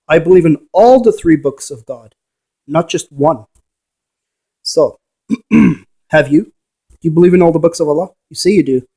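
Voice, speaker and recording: Preachy higher-voiced man lecturing. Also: animated, moderate pace, long pauses, dark tone. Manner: argumentative, lectures the viewer with rhetorical questions. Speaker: paranormal investigator. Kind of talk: rambling preachy monologue.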